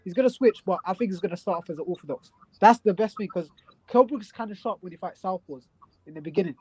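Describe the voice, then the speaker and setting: A man's voice: high voice, quick pace, a little mellow, breathy edge, poor audio. A man with a London accent in casual chat, giving blunt opinions on boxing and often repeating himself. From South London. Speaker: guest boxing pundit.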